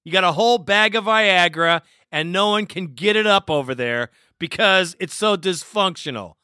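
A man's voice: high voice, normal speed, bright, forceful tone, clear, resonant tone, no echo, clean studio sound. A man hosting a sports talk show, ranting in a heated, profane way and taking listener calls. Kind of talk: angry fan talk show rant.

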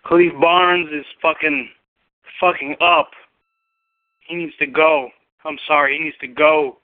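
A man's voice: fairly high pitch, fairly even intonation, unhurried, no echo. A man calling a sports show, furious and swearing, repeating how pissed he is. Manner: furious, profane, repetitive. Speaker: caller. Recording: tinny phone line.

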